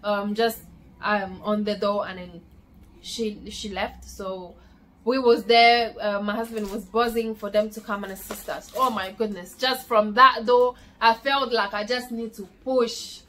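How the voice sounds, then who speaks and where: A young woman vlogger telling a personal story at home, casual and animated, repeating words for emphasis. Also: mid-range voice, unhurried, slight background noise.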